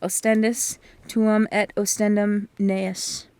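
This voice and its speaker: A woman's voice: medium pitch, level tone, slow, darkish tone, smooth, no echo. A woman voicing a hostile, smirking teenage boy in a casual book reading.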